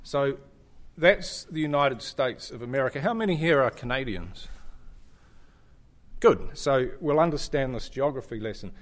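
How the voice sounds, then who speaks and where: A man's voice: medium pitch, animated, moderate pace. A middle-aged man with a New Zealand accent, a visiting church speaker giving a chatty, joking slide presentation to a congregation. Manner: chatty and joking, with frequent fillers and restarts.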